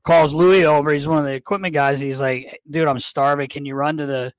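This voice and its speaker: A man co-hosts a podcast, telling an animated story with quoted dialogue. His voice sits fairly high. The sound is dry and close. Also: a little fast, no room sound, rough recording. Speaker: podcast co-host. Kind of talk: casual chat.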